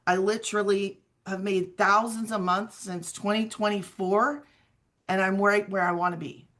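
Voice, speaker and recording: A woman's voice: mid-range voice, steady tone, measured pace, fairly bright tone. A middle-aged woman giving an earnest, conversational personal testimony as a guest, often quoting her own past words. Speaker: guest sharing her story.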